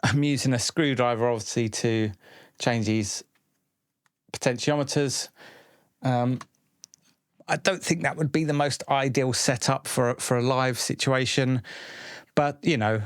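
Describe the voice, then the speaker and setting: A man explaining a DIY synth build in a relaxed, tentative way, thinking aloud with small hesitations. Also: mid-range voice, a little slow, long pauses, clean tone, dry recording. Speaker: electronics video host. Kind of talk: casual hands-on explanation. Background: synth tones playing.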